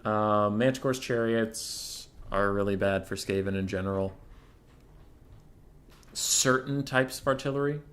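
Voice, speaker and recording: A young man streams a strategy tournament and talks the viewers through unit matchups in a casual, rambling way. His voice sits a bit low but has a bright, forward edge. Now and then he works himself up into a mock-furious rant. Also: measured pace. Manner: chatty, mock-furious rants with laughter. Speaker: competitive strategy game streamer. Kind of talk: casual live-stream commentary.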